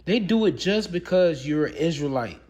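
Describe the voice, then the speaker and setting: Animated man preaching emphatically. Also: on the high side, normal speed. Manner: emphatic, repetitive, full of rhetorical questions. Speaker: religious commentator. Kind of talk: preaching commentary with scripture reading.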